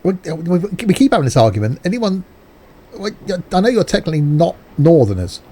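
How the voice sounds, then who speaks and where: A man's voice: fairly high pitch, sing-song, a little fast, mellow. A man streaming a train simulator game live, chatting casually and teasing his viewers in a jokey way. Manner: jokey, teasing banter with chat.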